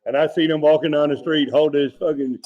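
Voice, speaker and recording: A man, a former Marine instructor, ribbing his friends bluntly and speaking warmly of his comrades. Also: fairly high pitch, fairly even intonation, fast, muffled recording. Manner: teasing, blunt, heartfelt about comrades. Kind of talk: casual chat.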